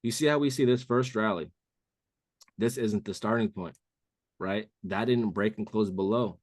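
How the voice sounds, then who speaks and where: Male trading mentor, low voice, casual slangy delivery, dry close mic. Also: normal speed, a little mellow, dry recording. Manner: casual, says "bro" a lot. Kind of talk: live trading call walkthrough.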